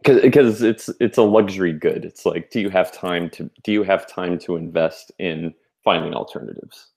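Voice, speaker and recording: Here a young man co-hosting a podcast rambles casually, filling his talk with fillers and false starts. He has a deep, darkish voice with vocal fry, fairly even intonation, and a moderate pace.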